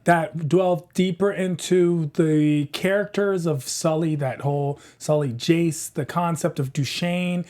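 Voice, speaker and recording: A man co-hosts a casual TV recap chat, animated and eager. His voice sits notably high for a man. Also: slow, few pauses. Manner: enthusiastic, animated. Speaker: co-host.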